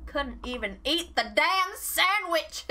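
A woman streaming a video game, chatting casually into a desk mic, excitable, laughing often and swearing offhandedly. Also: high voice, takes it slowly, noisy background. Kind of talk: casual gaming stream commentary. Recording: game music playing behind.

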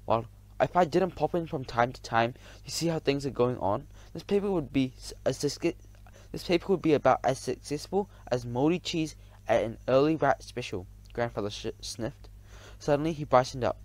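A man narrating a children's audiobook in the first person, lively and expressive. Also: medium pitch, normal speed.

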